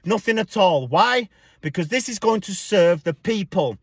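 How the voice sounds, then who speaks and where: A man's voice: sits high, lively intonation, moderate pace, husky, no room sound, studio quality. A man ranting on his vlog in a blunt, profane, defiant way. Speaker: spiritual vlogger. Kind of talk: casual ranting monologue.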